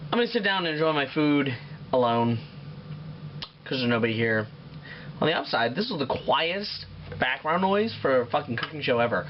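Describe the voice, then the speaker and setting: Crude, animated man hosting a home cooking show. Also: a little high, lo-fi sound, a little hiss or hum. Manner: profane, joking, rambling. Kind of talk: casual cooking demo with crude jokes. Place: home kitchen.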